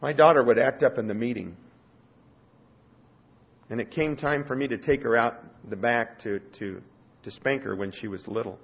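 Husky-voiced impassioned male preacher. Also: fairly low pitch. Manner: impassioned, swinging from loud urgency to quiet intensity. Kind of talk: sermon. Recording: dull lo-fi sermon recording.

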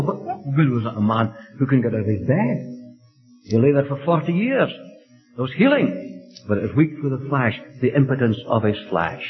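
A man leading a Bible study, teaching in a measured, emphatic way and repeating key phrases. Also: mid-range voice, muffled recording.

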